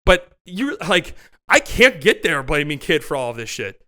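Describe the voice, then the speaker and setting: Male host, casual sports rant, fairly high and bright, emphatic and profane. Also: very animated, normal speed. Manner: emphatic, exasperated and profane, rambling with restarts.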